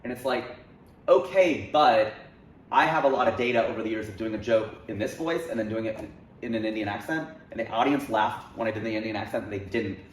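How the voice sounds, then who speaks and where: A man in his forties, a comedian guest, talking in a casual interview with a lively, joking, argumentative manner. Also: fairly low pitch, fast talker. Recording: roomy echo, faint noise.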